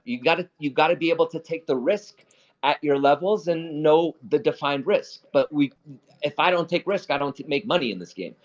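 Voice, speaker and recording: A man hosting a casual live trading talk, blunt and profane, who often repeats and restarts his words. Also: on the high side. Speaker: stock trading host. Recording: dull lo-fi audio.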